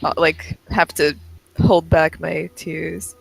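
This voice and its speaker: Gravelly man playing a tabletop game. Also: a little high, level tone, slow pace, fairly bright tone, dry recording, low-quality recording. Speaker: player.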